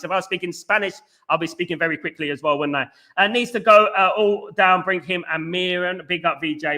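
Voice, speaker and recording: Fast-talking bright-voiced male football host. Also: high voice. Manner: rapid, animated, reads out chat messages with banter. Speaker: fan channel host reading live chat. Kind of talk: fast casual live-stream chat.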